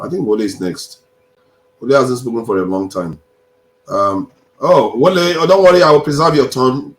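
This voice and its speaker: Man, lowish voice, livestream host, easygoing and teasing, roomy echo. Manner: relaxed, teasing, calls on speakers by name. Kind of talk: livestream panel moderation.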